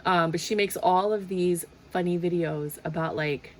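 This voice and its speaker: A woman's voice: fairly low pitch, fairly even intonation, normal speed, a little hiss or hum. A woman giving a casual tarot reading in a chatty way, often laughing and acting out little quotes. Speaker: tarot reader.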